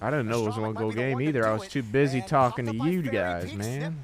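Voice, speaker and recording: A male streamer talking casually and excitedly to his viewers. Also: mid-range voice, a little fast, crowd noise.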